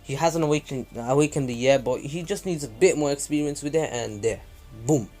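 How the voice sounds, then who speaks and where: A man's voice: mid-range voice, fairly quick, darkish tone, faint music behind. A man casually retelling an anime fan story, rambling with frequent asides and jokes. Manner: rambling, many fillers and restarts, jokey asides.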